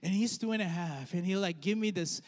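Man, thirties, preaching, high pitch, long hall reverb, soft trailing phrase ends. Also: a little fast. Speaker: pastor. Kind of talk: sermon.

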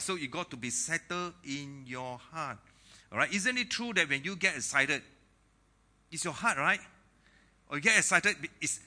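Bright-voiced lively male preacher. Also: mid-range voice. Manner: lively preacher, jokes and laughs with congregation. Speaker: pastor. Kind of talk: sermon.

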